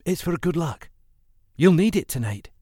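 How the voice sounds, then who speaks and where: A man voicing a twelve-year-old orphan girl in a storybook reading, eager and kind, with a breathy, hushed manner. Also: fairly high pitch, sing-song, normal speed, no echo, clean studio sound, voice pushed up.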